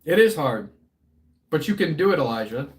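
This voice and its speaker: A man's voice: on the high side, very animated, moderate pace. A man hosting a casual livestream as a fitness coach, answering chat in an earnest, motivational way, casually swearing and close to tears.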